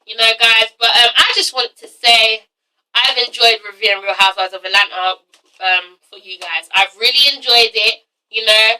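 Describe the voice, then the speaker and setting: A woman's voice: on the high side, normal speed, sharp tone, far from the mic, rough recording. A woman from London with a London accent, chatting bluntly and swearing freely in a casual review vlog while she has a cold and cough. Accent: London English. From London, England. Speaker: vlogger reviewing TV shows.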